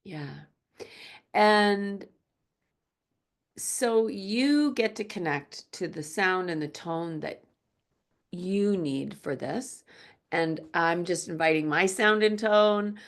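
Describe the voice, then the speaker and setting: A woman teaching a gentle yoga class, speaking softly and slowly. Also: mid-range voice. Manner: slow, soft-spoken, drifts into quiet chanting.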